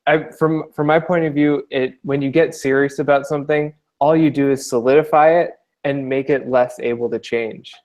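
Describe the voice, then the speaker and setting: A man's voice: medium pitch, steady tone, normal speed, hardly any pauses, darkish tone. A man from Long Island chatting as a guest on a video call, joking, rambling and laughing often. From Long Island, New York. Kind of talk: casual chat.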